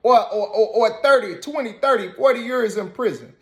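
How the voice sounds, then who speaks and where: A man's voice: very high-pitched, brisk, a bit bright. A man giving reaction commentary, scolding and emphatic, repeating his points. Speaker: commentary host.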